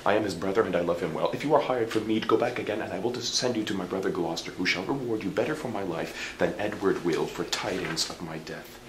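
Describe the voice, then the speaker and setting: A condemned duke pours out his pleas, as a man reading aloud puts him on. The voice sits low but strains upward with passion. A big stone church rings around it, with faint hum behind. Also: fast talker, few pauses, close to an everyday voice. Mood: pleading. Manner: impassioned, pleading, rising in pitch. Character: desperate imprisoned royal duke pleading for his life. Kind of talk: solo public Shakespeare reading. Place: large echoing stone church. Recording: roomy church echo, faint ambience.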